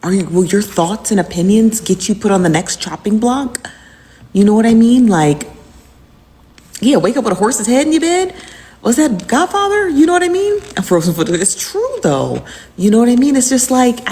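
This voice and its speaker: Woman host, lowish voice, rambling casual recap, long reverb on the recording. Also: darkish tone. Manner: rambling and repetitive, with frequent fillers. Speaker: host recapping live-stream drama. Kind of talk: casual chat.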